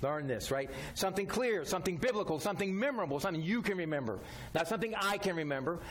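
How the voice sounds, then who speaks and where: A man's voice: high-pitched, lively intonation, quick pace, fairly bright tone. A man preaching a sermon as a pastor, talking directly and conversationally, repeating his key phrases.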